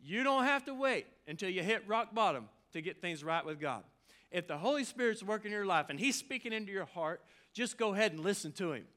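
Pastor guy preaching, bright voice, jokey asides, keeps it casual. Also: high voice, animated, a little fast. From Arkansas. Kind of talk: sermon.

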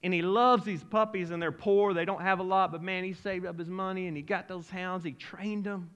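A pastor preaching in a folksy, animated way, stumbling over his words as he speaks. His voice sits a little high for a man. He leans into emotional storytelling. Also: fairly quick, clean tone, muffled recording. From Arkansas-Oklahoma region. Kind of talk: sermon.

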